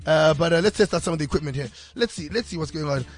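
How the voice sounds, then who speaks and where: A man hosting a podcast in a studio, talking in an energetic, slangy, rambling way. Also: on the high side, rapid-fire. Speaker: podcast host. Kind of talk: casual podcast chat. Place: radio studio.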